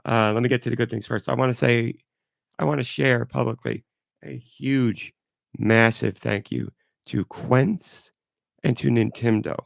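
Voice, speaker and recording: Hoarse, gravelly male podcast host. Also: medium pitch, steady tone, measured pace, no room sound, studio quality. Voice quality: stuffy. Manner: rambling, loose and apologetic. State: hoarse and sick. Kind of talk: casual live podcast chat.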